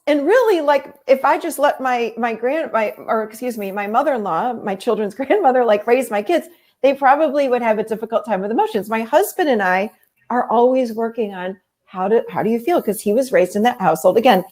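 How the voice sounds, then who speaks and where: Animated woman therapist, higher voice. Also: a little fast. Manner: animated storytelling, acting out quoted voices. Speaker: therapist and life coach. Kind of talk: conversational explaining.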